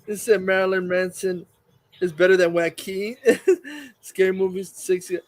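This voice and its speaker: A man's voice: sits high, steady tone, moderate pace, no room sound. A man hosting a casual livestream chat, profane and rambling, laughing often. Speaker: livestream host.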